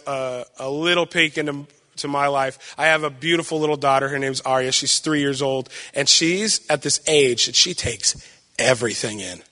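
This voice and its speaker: A young man giving a sermon with personal stories, loud and animated, self-deprecating and acting out what people say. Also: on the high side, in a large hall. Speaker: preacher.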